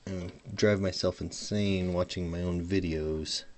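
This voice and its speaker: The recording carries a slight hiss or hum as a man with a low, fairly even voice talks a little slowly through his hardware soldering. A hobbyist modder at a home workbench, he casually mumbles, lets thoughts trail off, and leans in and out from his desk microphone.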